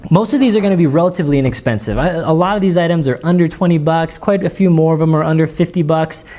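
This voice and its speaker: A gear channel host with a runny nose chats and rambles through a casual vlog from his dining room at home, often breaking into giggles. His voice is on the high side and dark in tone, and he talks quickly.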